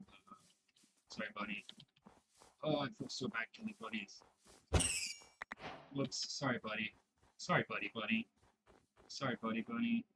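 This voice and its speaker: A man's voice: medium pitch, creaky, background noise. A sleepy young man chatting casually and self-deprecatingly while he plays a game, sometimes dropping into a whisper. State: sleepy, yawning. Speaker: gaming video creator. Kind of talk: casual gameplay commentary.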